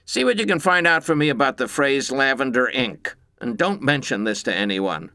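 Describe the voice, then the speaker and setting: A man's voice: medium pitch, animated, moderate pace, bright, forceful tone, dry recording. A man voicing a brusque older woman writer, speaking close and a little breathless. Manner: clipped, brusque.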